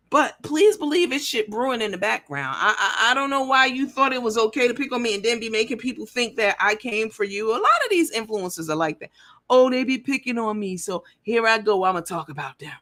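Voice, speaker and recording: A woman hosting a casual livestream who reads viewer comments aloud and talks in a blunt, profane, rambling way. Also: a little high. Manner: animated and lively. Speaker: livestream show host.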